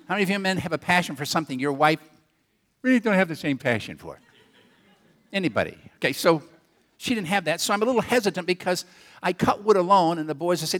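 Folksy older preacher telling a story. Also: male voice, sits high, big pitch swings, a bit bright. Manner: folksy, rambling, self-deprecating with quick asides. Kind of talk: storytelling sermon. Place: church auditorium. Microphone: handheld or headset mic.

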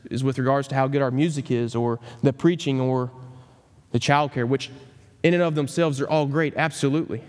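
A man preaching a sermon as pastor, earnest and emphatic, slowing down to stress key phrases. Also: medium pitch, a little mellow, long reverb tail. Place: church sanctuary.

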